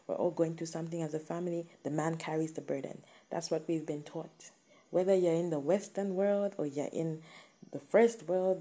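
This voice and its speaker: A woman's voice: low voice, creaky, dark tone. A woman giving an earnest, emphatic motivational talk to camera, repeating her key points.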